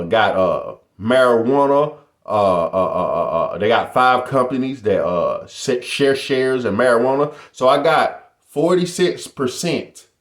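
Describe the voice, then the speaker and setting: A middle-aged YouTuber speaks casually to his viewers in a boastful, motivational vlog style, repeatedly calling them "y'all." His voice sits in the mid range and sounds reverberant.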